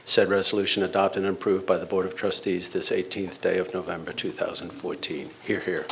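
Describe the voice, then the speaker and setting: A man reading out a formal board resolution in a measured, ceremonial way at a board meeting. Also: low-pitched, flat delivery, vocal fry, fairly bright tone, slight background noise. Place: board meeting room with audience.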